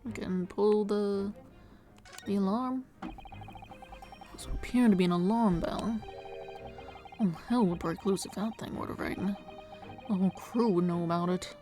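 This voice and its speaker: A woman's voice: mid-range voice, measured pace, long pauses, mellow, soft background music, natural voice. Woman reading a fretful young lawyer. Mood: earnest.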